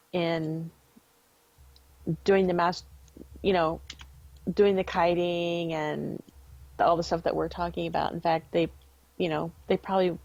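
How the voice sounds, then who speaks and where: A woman with a low, gravelly voice co-hosts a casual gaming podcast. She talks in a chatty way and hedges her points. Her audio is dry and a little dull. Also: darkish tone, no echo. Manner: chatty, laughs easily, hedges. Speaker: podcast co-host.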